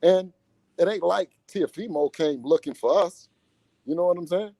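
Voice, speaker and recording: A man talking casually in an interview as a boxer's father and manager, animated and slangy, often repeating himself. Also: sits high, normal speed, vocal fry, no room sound.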